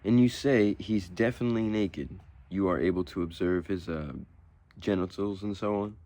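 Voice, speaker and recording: A man's voice: deep voice, normal speed, mellow, dry recording, lightly acted. A man voicing a polite, bemused male police sergeant speaking over the phone.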